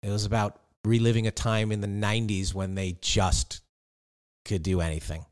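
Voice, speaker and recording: A middle-aged man hosting a podcast, talking listeners through relaxed advice in a playful, conversational way and speaking to them directly. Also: on the low side, normal speed, clear, resonant tone. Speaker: podcast host.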